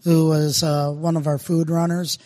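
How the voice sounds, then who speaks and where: A middle-aged brewer from Minnesota chats casually on a podcast, telling rambling, self-deprecating stories packed with fillers. His voice is on the high side and darkish, delivered flatly at normal speed. There's no echo.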